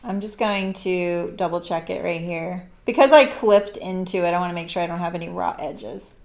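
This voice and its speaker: A woman's voice: lowish voice, moderate pace. A middle-aged woman hosting a live sewing stream, chatting casually and laughing often as she works. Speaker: sewing livestream host.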